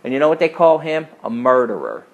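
A man's voice: big pitch swings, brisk, highs cut off. Emphatic man preaching. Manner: emphatic, rising to forceful peaks and dropping to low asides. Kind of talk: sermon with storytelling.

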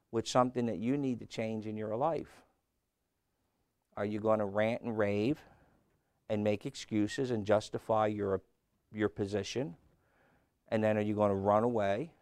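Gravelly-voiced man preaching a sermon. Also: mid-range voice, darkish tone, dry recording, clean studio sound. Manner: asks the congregation questions, rising and dropping his voice.

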